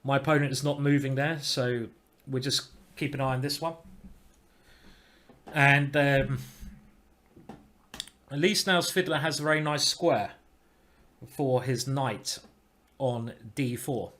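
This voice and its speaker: A man giving casual live-stream chess commentary, thinking aloud with restarts and breaking into excited exclamations. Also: mid-range voice, slow pace, pauses often. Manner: bursts into excited exclamations at good moves.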